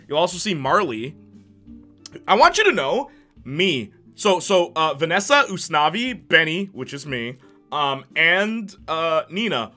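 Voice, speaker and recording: Animated young man chatting on stream. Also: a little high. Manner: animated, chatty, stammers and repeats words; laughs often between remarks. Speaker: live streamer. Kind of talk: casual live-stream chat.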